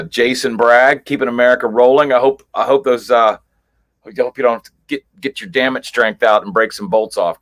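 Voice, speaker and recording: A man hosting a casual livestream, chatting and greeting viewers one by one in a rambling way with lots of fillers. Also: on the low side. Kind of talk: casual live chat. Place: chilly basement at home.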